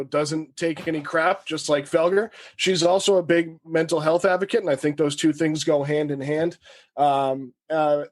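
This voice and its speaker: A man hosting a sports podcast, chatting and joking easily with a guest. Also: on the high side. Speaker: podcast host. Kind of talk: casual interview chat.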